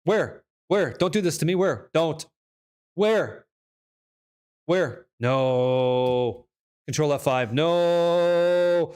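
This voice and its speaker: A young man streaming a game, chatting casually with viewers, reading patch notes aloud and swearing freely when excited. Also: a little high, very slow, clean tone. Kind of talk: casual live-stream chat.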